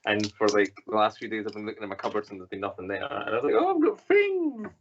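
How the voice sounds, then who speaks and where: A man's voice: fairly low pitch, completely flat delivery, very fast, fairly bright tone. Teasing man laughing on a lo-fi video call. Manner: playful, teasing, laughs often. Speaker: co-host. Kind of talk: casual chat on a live stream. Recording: dull, lo-fi video call audio.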